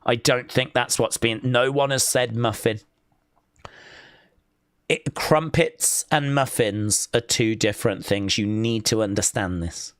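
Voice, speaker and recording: A man's voice: mid-range voice, fairly even intonation, a little slow, fairly bright tone, no echo, studio quality. An English man hosting a live stream, reading viewer comments aloud and bantering with them in a playful, teasing way.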